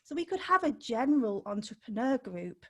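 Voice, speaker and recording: A fairly high-voiced woman speaks off the cuff as a podcast guest. She coaches business owners and sounds upbeat. She laughs between points and leans hard on the words she wants to stress. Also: big pitch swings, normal speed, husky. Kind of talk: unscripted podcast interview.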